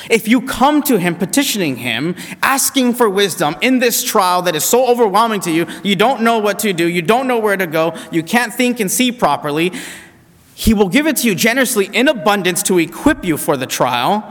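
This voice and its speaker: Male preacher, somewhat high voice, emphatic sermon delivery in a church hall with long reverb. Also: fairly bright tone. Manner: emphatic, with slowed, repeated key phrases.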